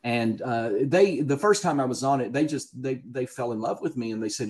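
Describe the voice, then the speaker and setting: Southern male guest, chatty raconteur, laughs through his anecdotes, mid pitch. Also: normal speed, few pauses, a little mellow. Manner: chatty storyteller, laughs often. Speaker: guest actor. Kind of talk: casual podcast interview.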